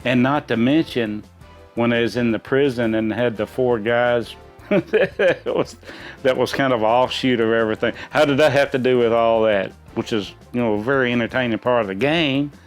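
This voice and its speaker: A man's voice: medium pitch, moderate pace, faint music behind. A middle-aged man, a dad hosting a trivia chat, answering in rambling, folksy explanations. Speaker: quiz host, a gamer's dad answering questions. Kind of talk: casual chat.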